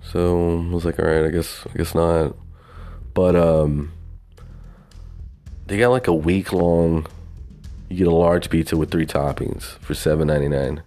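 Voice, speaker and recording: A young man with a Southern twang talks alone into his podcast mic in a loose, meandering way. His voice sits very low, and he peppers his talk with swearing and chuckles at his own stories. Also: fairly even intonation, a little slow, pauses often, dark tone, soft background music. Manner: rambling, swears often, laughs at himself. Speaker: podcast host. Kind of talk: casual solo podcast monologue.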